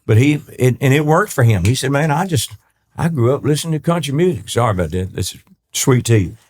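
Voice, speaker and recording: A man's voice: medium pitch, lively intonation, fairly quick, a little mellow. A man from East Texas, a country singer and guest, telling long rambling anecdotes with many restarts and acting out the people he quotes. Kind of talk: storytelling interview talk.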